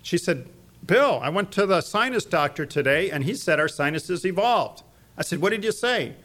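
A man's voice: a little high, expressive, moderate pace, fairly bright tone. A middle-aged man teaching a church class on evangelism, emphatic, quizzing his audience with fill-in-the-blank questions.

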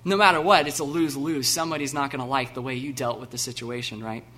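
A man preaching a sermon, animated and laughing, acting out the scenes with sudden loud bursts. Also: mid-range voice, fast. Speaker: pastor.

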